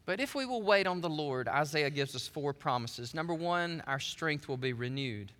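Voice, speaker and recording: A man preaching a sermon as pastor in a church, moving between calm reading and impassioned, shouted passages. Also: a little high, normal speed, big-room sound. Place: church sanctuary.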